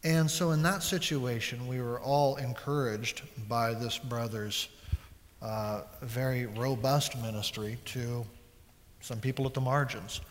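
A male church leader reflects in a measured, thoughtful way and drops softer toward the ends of his points. He speaks at a mid pitch, with a long hall reverb around his voice. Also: fairly even intonation. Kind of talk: panel discussion.

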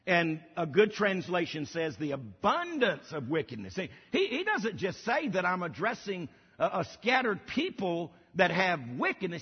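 A man's voice: sits high, big pitch swings, moderate pace, hardly any pauses, husky. A middle-aged male pastor preaching a sermon, emphatic and repeating key phrases for weight. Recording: dull lo-fi audio with long hall reverb.

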